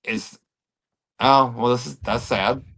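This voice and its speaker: A man's voice: medium pitch, fairly even intonation, slow pace, bright, forceful tone, slightly rough. A man co-hosting a podcast in casual chat, sassy and playful. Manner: sassy, playful, breaks into sound effects. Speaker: podcast co-host.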